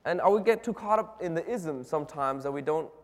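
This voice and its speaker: A male preacher talks to his church in a loose, conversational way, asking one question after another. He often restarts his sentences and leans on fillers. His voice sits a little high for a man and rings out in a hall with a long reverb. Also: animated, fairly quick. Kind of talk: sermon.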